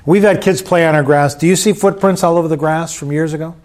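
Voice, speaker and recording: A man's voice: on the high side, steady tone, quick pace, darkish tone. Joking, conversational man preaching. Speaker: pastor. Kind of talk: sermon.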